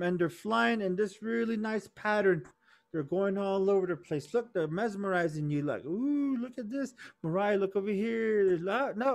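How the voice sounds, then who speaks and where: A man telling a moral story to children at a youth conference, animated, and calling on listeners by name. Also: sits high.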